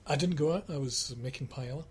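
A man's voice: on the high side, fast, heavy background noise. A man chatting on a radio football panel in an easygoing, rambling way with many fillers. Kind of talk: casual radio chat.

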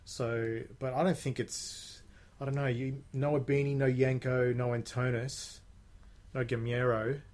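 A man's voice: mid-range voice, level tone, unhurried, darkish tone. A man on a radio football panel, chatty and hesitant, full of ums. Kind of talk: casual radio chat.

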